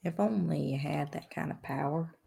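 A woman voicing an old male frog-folk elder who speaks slowly and gravely, calling others "son". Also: low-pitched, dark tone, exaggerated voice. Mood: wry.

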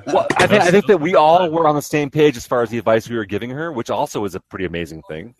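Animated man who swears and laughs. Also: mid-range voice, fast talker. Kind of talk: casual chat over a video call. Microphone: video call.

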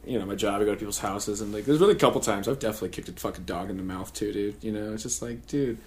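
A man with a lowish voice vents in casual chat, swearing at nearly every turn. He talks like a working technician telling it straight to a friend. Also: racing, a little mellow. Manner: profane, ranting, laughing asides. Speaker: technician who visits homes.

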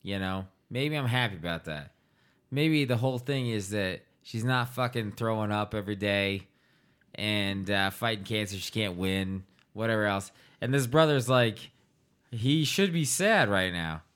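A man's voice: on the low side, measured pace, a bit bright, clean tone. A man talking casually and profanely, acting out quotes as he tells a story. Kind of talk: casual podcast chat.

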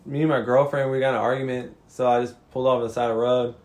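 A young man telling a story in casual chat, animated and profane, laughing often. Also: medium pitch, fast.

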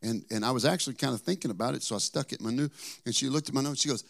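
A man preaching as a pastor, telling a story, moving between quiet asides and emphatic points. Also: medium pitch, rapid-fire, creaky. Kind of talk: sermon with personal storytelling.

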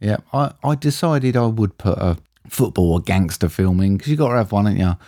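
A man's voice: on the low side, animated, a little fast, dark tone, no echo, clean studio sound. A man co-hosting a podcast, talking in a laid-back, blokey way and often saying "mate". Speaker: podcast co-host. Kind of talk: casual chat.

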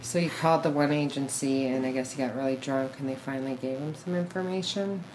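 A middle-aged woman, born in Korea and raised in Minnesota, tells her story as a podcast guest in a casual interview, candid and blunt, cursing now and then and laughing at herself. Her voice is very deep, fast, and a little mellow, on a low-quality recording with some hiss or hum.

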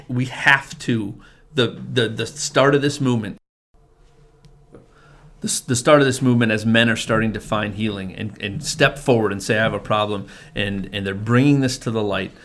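A man's voice: medium pitch, gravelly, fairly bright tone. Earnest man telling his testimony. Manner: earnest, repeats words, many restarts. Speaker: family pastor, men's group leader. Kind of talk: casual testimony in conversation.

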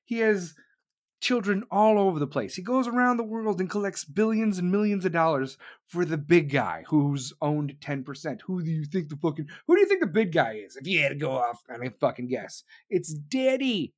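A man hosting a show, ranting casually with heavy swearing and mocking impressions of people. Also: on the high side. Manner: loud, animated, heavy swearing, mocking voices. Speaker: show host. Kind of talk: profane rant on a talk stream.

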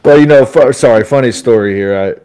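A Texan man co-hosts a podcast, talking in a halting, stop-start way with frequent restarts. His tone is joking and casual. His voice sits at an ordinary middle pitch. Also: warm tone, clear, resonant tone. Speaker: podcast co-host.

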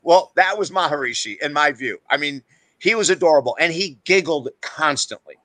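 A middle-aged man speaks with a bright, forceful tone, recorded close and dry with no room sound. He is a podcast guest, blunt and emphatic, who pokes fun at himself as he tells his stories. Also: on the high side, expressive, normal speed, no room sound, poor audio. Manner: emphatic, blunt, self-deprecating. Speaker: guest author. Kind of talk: animated podcast storytelling.

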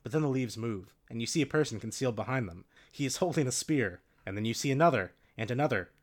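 A man's voice: medium pitch, lively intonation, fast. Casting: a man reading a storybook aloud, casual and jokey. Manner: laughing, joking asides. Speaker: reader.

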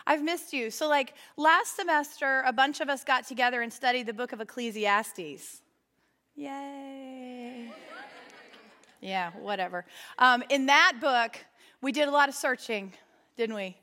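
A middle-aged woman teaching a Bible study with a bright high voice, full of bubbly enthusiasm and playful asides. She speaks to a church group, and her voice rings with a long hall reverb. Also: moderate pace. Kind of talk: women's Bible study talk. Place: church meeting room with an audience.

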